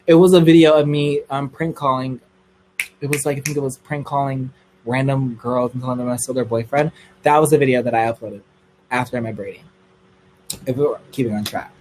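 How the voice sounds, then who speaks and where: A young man telling a story on a livestream in a casual, gossipy way, swearing freely and squealing high when excited. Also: brisk, slight background noise, rough recording.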